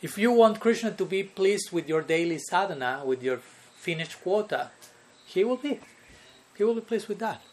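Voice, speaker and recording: Man, spiritual teacher, slightly high voice, devotional lecture, frequent chuckles, checks in with listeners. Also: lively intonation, normal speed. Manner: checks in with listeners by asking "no?" and "okay?"; chuckles often between points.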